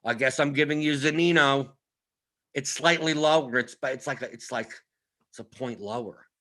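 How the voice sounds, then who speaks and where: A man hosting a fantasy sports strategy breakdown, talking animatedly with quick restarts and repeated words. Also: mid-range voice, a bit bright. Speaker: fantasy sports analyst host. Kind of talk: strategy breakdown over a screen share.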